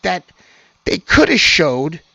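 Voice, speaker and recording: Hosting his own news commentary channel, a man reads reports aloud, rambling, restarting often and mocking what he reads. His voice is fairly high and gravelly, pushed and bright, with big pitch swings and a slow pace. The dry lo-fi recording sounds dull, with no room sound.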